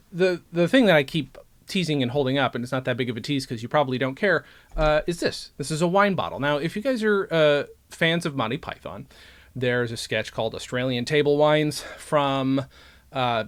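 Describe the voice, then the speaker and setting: Rambling casual man, chatty vlogger. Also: mid-range voice. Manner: rambling, self-interrupting, joking. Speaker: vlogger and podcaster. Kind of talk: casual talk to camera.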